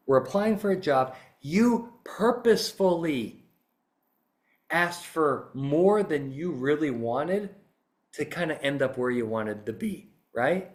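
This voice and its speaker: A man who is a litigation psychologist, giving an animated, emphatic instructional talk on a podcast. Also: medium pitch.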